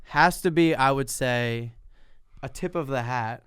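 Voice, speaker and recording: A man co-hosting a podcast in a relaxed chat, often agreeing with his co-host. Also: medium pitch, a little slow, clear, resonant tone, dry recording, clean studio sound. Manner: agreeable, often says yeah, laid-back. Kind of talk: casual chat.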